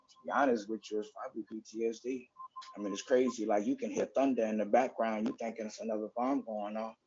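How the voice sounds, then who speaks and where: A man performing spoken word poetry on a livestream, low-key and reflective. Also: animated, fast talker, darkish tone, breathy edge. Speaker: poet. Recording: dull lo-fi livestream audio.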